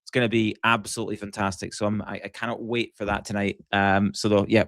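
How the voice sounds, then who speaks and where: A man's voice: on the low side, little pitch movement, fast, fairly bright tone, dry recording, clean studio sound. A Scottish man co-hosting a casual podcast chat, enthusiastic and rambling, with many restarts and the odd swear. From Scotland. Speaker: podcast co-host.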